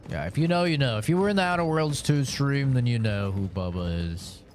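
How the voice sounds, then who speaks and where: Lively, teasing male game streamer. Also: mid-range voice, brisk, a little hiss or hum. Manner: teasing, profane, rambling. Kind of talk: casual live-stream chat.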